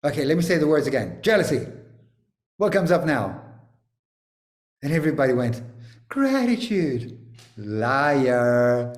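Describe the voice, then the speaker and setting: A man leading a group video call, talking in an animated, joking and teasing way, sometimes swearing. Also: a little high, a little fast, pauses often, reverberant. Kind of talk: energetic coaching talk on a video call.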